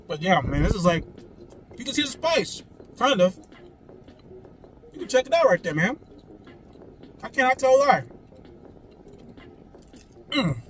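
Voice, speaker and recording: Man, high voice, excited casual food review, parked car, faint traffic outside. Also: measured pace, long pauses. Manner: excited, keeps saying "guys" and "man". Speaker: food vlogger. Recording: faint road noise from inside a car. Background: cars passing by.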